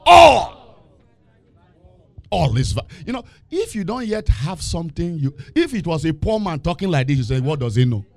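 A male preacher giving a lively sermon, asking the congregation questions and laughing between points. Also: a little high, fairly quick, few pauses, no room sound. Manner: animated, call-and-response questions, laughing asides.

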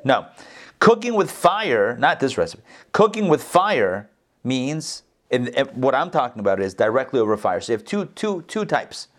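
A man giving an informal Torah class, animated, repeating phrases and answering his own questions. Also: medium pitch, normal speed. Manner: coughs, gets excited.

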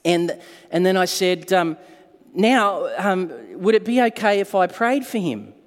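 This pastor's high-pitched voice moves a little slowly through a large hall. In his sermon he tells stories animatedly, acting out the quotes.

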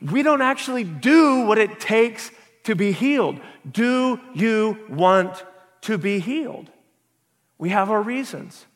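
A man's voice: high-pitched, gravelly, fairly bright tone. A man preaching a sermon in an earnest, conversational way, stumbling over repeated words as he starts a thought and reading aloud from a book. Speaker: pastor. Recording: echoey hall with long reverb.

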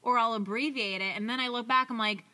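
Bright-voiced chatty young woman. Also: a little high, fairly even intonation, fast. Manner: chatty, rambling, lots of "like" fillers. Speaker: podcast co-host. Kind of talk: casual chat.

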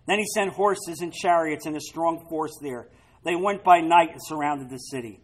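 A man's voice: a little high, normal speed, poor audio. A man preaching a sermon, reading scripture aloud and breaking into dramatic, emphatic asides to the congregation. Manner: dramatic, rising to loud emphatic peaks. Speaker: pastor.

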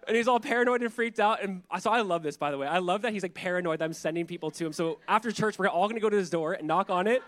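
High-voiced man preaching a lively sermon. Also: racing. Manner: animated, acts out voices in anecdotes. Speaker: pastor. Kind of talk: sermon with storytelling.

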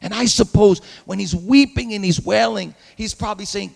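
A man's voice: high voice, moderate pace, vocal fry, a little mellow. A man preaching a sermon as a pastor, dramatic, acting out the voices of the figures he tells about. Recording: long hall reverb.

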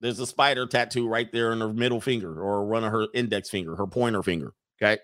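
A man's voice: fairly low pitch, fairly even intonation, quick pace, a bit bright, no room sound, studio quality. A man doing comedic reaction commentary, sarcastic and laughing often.

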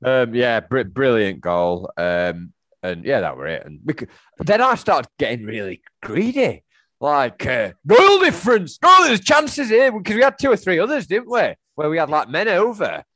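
A man's voice: on the high side, wildly swooping pitch, moderate pace, sharp tone, no room sound. A man chatting casually about football as a podcast co-host, laughing often and restarting sentences. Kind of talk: casual chat.

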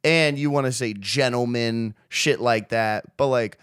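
A man's voice: mid-range voice, a little slow, a bit bright, smooth, dry recording, studio quality. Laid-back young male podcast host. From Maryland. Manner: laid-back, swearing, laughing storyteller. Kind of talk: casual podcast chat.

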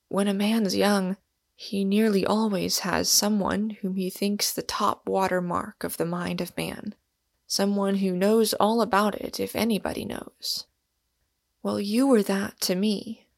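A woman's voice: medium pitch, gravelly, dry recording, clean studio sound. A woman reading the part of a massive, earnest young man in an audiobook, speaking with urgent, pleading passion.

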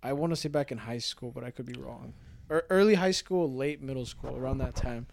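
A young man in casual chat, telling a story with lively quoted voices and plenty of swearing. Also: mid-range voice, a little fast, creaky, a little hiss or hum. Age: young adult. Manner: animated storyteller, swears freely, acts out quotes.

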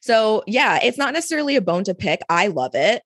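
A woman's voice: medium pitch, big pitch swings, a little fast, a bit bright, husky, no room sound, clean studio sound. A young woman co-hosting a podcast, talking casually and chattily, filling her talk with "like" and laughing often. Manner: chatty, fillers of "like", frequent laughter. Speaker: podcast co-host. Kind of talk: casual chat.

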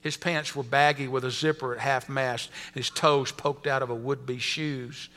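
A man's voice: mid-range voice, steady tone, normal speed, pushed and bright, in a large hall. A man preaching a sermon to his congregation and reading a story aloud to them. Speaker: pastor.

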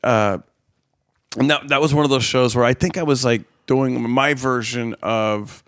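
A male comedian trading road stories, speaking at a middle pitch. He rambles and circles back with lots of fillers and restarts. The voice sounds close and dry, with no reverb. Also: fairly even intonation, measured pace, a bit bright. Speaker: stand-up comedian. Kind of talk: casual chat, telling road stories.

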